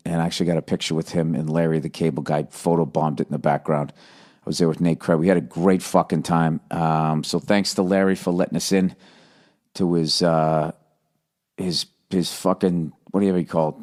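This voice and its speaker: A middle-aged man from the United States rambles through a profane story as he hosts his podcast. His voice sits fairly low, and he talks in a loose, offhand way. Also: little pitch movement, moderate pace, a little mellow. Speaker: podcast host. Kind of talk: casual monologue.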